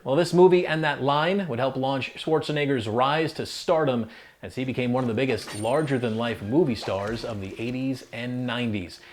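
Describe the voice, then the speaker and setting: A man's voice: medium pitch, moderate pace, a little hiss or hum. A man hosting a casual countdown video, narrating in an upbeat, chatty way with playful asides to the listener. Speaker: host.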